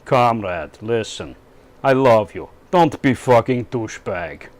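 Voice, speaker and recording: A man's voice: mid-range voice, lively intonation, slow pace. A man voicing a scheming middle-aged male Russian leader in a put-on Russian accent, speaking broken English with dropped articles.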